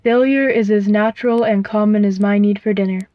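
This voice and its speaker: A woman voicing a huge, predatory female owl who talks in a calm, cooing, unhurried way, in a dull, dry recording. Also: medium pitch, no room sound, natural voice.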